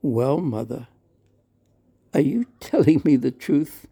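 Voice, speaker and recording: A man doing a demanding little boy, slow and husky. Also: mid-range voice, very animated, mellow, heavily acted. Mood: insistent. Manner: pleading, insistent. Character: small boy god, demanding and playful.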